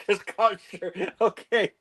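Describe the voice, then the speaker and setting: A man's voice: high-pitched, steady tone, slow, a bit bright, slight background noise. A man chatting casually on a comics show, jokey and often laughing, stumbling over his words. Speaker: panelist. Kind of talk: casual chat.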